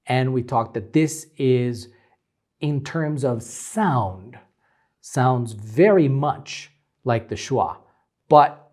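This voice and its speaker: A young man teaching phonetics, explaining symbols slowly with frequent ums while pointing at examples. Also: medium pitch, a little mellow. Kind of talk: phonetics lecture at a board.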